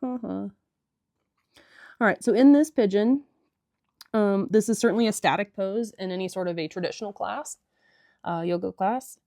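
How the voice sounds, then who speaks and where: A woman's voice: mid-range voice, moderate pace, creaky, pauses often, mellow, no room sound, studio quality. A woman leading a casual guided stretching class, chatty and irreverent with joking asides. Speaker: yoga and stretching instructor.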